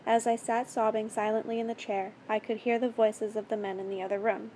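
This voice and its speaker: A woman reading a first-person story aloud in a steady, earnest way. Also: on the high side, brisk, a little hiss or hum. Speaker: story reader.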